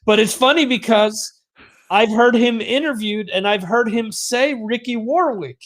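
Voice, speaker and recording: Rambling high-voiced man. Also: unhurried, fairly bright tone. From United States. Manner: rambling, self-mocking, lots of fillers. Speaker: podcast host. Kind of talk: casual chat.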